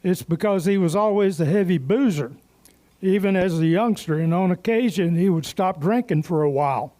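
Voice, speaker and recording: A man's voice: high-pitched, normal speed, mellow. A man emceeing a club meeting who tells folksy, joking stories and makes announcements.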